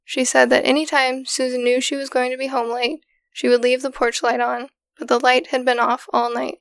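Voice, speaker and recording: A woman podcast host recounting a case in a steady, matter-of-fact way, in casual storytelling style. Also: sits high, normal speed, clean tone, dry recording, studio quality. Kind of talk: casual true-crime storytelling.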